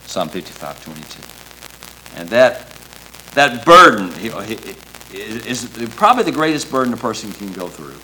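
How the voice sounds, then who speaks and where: A man preaching a sermon in an earnest, emphatic way, quoting scripture with halting restarts. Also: on the low side, big pitch swings, sharp tone, a little hiss or hum, rough recording.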